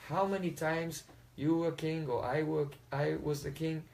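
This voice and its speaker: A man acting out a serene young sage in a spoken story. He reasons calmly and philosophically, in a fairly high voice close to his own. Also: unhurried, vocal fry, rough recording. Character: calm, detached young male sage.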